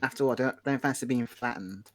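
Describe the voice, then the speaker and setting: A man playing in a tabletop role-play game, eagerly describing his character's actions. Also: medium pitch. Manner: quick, eager in-character planning. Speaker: player.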